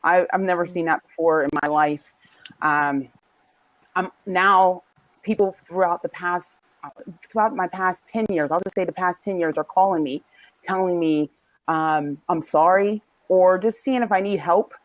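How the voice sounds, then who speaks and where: Brief: earnest, hesitant woman on a video call, dry and low. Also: measured pace, no room sound, poor audio. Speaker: panelist. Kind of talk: casual panel discussion.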